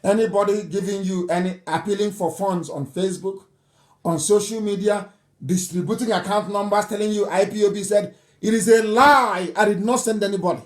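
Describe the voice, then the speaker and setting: Male radio host, high-pitched, insistent and pleading, live address. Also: steady tone, a little fast. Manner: forceful, repetitive, pleading. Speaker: radio broadcaster taking calls.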